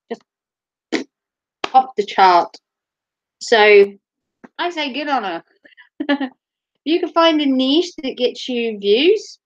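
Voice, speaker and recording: Woman, livestreamer, casual chat, slightly high voice, giggles and swears. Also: lo-fi sound. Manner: giggly, swearing, chatty, slow-paced. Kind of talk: casual live stream chat.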